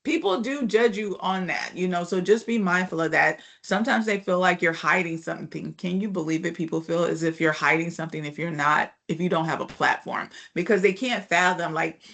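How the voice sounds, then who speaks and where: Chatty woman instructor with a gravelly edge. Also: lowish voice, fairly quick, hardly any pauses, fairly bright tone. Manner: chatty, asks the class "right?" and "you know" often. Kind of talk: casual online class lecture.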